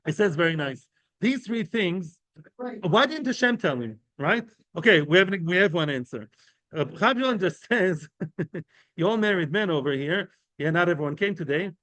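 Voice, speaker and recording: High-voiced man teaching a Talmud class. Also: expressive, moderate pace, a bit bright, dry recording. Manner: conversational, often asks the listeners "right?" and "yeah?"; explains each term, then tells everyday examples. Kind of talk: informal Talmud lesson. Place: class of men.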